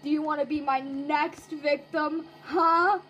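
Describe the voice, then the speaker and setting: A woman's voice: sits high, level tone, a little slow, fairly bright tone, slight background noise, poor audio. A woman voicing a foul-mouthed, murderous robot in a comic voice-over dub, humming tunelessly and swearing constantly. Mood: grumbling.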